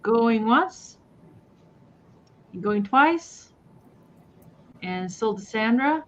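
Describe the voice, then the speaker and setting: A woman's voice: on the high side, expressive, extremely slow, a bit bright, muffled recording. A woman chatting casually as she sells items on a live stream from home, rambling with many fillers. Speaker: live sale seller. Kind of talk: casual live sale chat. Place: at home near the kitchen.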